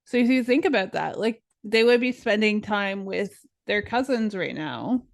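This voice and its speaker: A woman's voice: medium pitch, lively intonation, normal speed, gravelly, dry recording. A young woman co-hosting a podcast, chatting casually and filling her talk with "like" and "right?". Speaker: podcast co-host; teacher. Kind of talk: casual chat.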